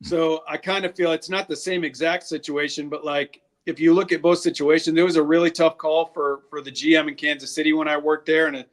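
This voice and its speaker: A man's voice: a little high, level tone, fairly quick, hardly any pauses. A man being interviewed as a guest, talking candidly with lots of restarts. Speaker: draft scout, guest. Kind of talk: casual interview talk.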